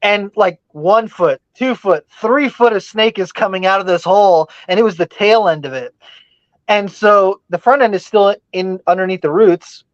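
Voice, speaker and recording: A man telling a story in casual podcast chat, animated, swearing freely and using many fillers. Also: high-pitched, normal speed, no room sound, muffled recording.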